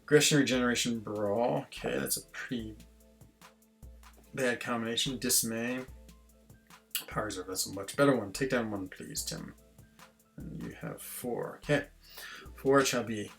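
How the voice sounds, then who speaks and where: Man from switzerland, gravelly voice, casual game-stream chatter, faint music behind. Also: medium pitch, moderate pace, pauses often, a bit bright. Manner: chatty, self-deprecating, reads chat aloud. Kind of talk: casual gameplay stream chat.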